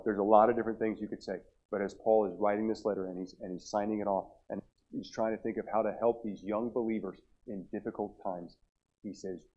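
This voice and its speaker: Middle-aged guy preaching at a church revival, deepish voice, keeps restarting words, lo-fi sound. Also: steady tone, fast. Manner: storytelling with frequent repeated restarts. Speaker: pastor. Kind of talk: sermon. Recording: dull lo-fi sound.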